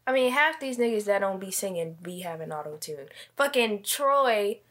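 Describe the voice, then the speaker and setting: A woman co-hosting a casual podcast, blunt and profane, often pausing and searching for words. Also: mid-range voice, lively intonation, fairly bright tone. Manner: unhurried, blunt, profane, hesitant with fillers. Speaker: podcast co-host. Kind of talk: casual chat.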